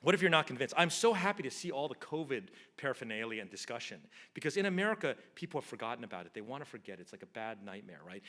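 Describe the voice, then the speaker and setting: A man's voice: mid-range voice, fairly bright tone. A man giving a surgeon's conference lecture in a mid-range voice. He talks casually and tells stories, acting out what people said to him. He keeps checking in with the audience by asking "right?". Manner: conversational, tags nearly every point with "right?", acts out quoted dialogue. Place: lecture hall.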